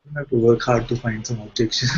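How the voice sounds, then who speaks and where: A man's voice: mid-range voice, highs cut off, slight background noise. A man, a spiritual teacher, giving a playful, questioning satsang talk with light jokes.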